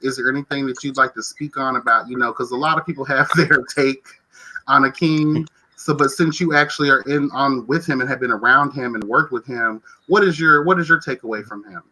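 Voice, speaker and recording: A man hosting a casual live-stream chat and interviewing a guest over a video call, in an animated way. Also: medium pitch, brisk, slight background noise, poor audio. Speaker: host of an online reality-show review stream.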